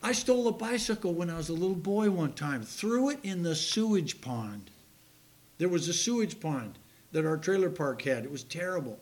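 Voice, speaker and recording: An older male pastor preaching in a fairly high, light voice. He tells homespun stories with self-deprecating humor and often laughs at himself. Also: animated, moderate pace. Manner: laughs at his own story. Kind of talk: sermon.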